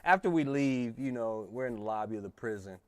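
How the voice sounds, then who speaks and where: A man telling a story as a podcast guest, animated and swearing freely in casual chat. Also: mid-range voice, brisk, dry recording.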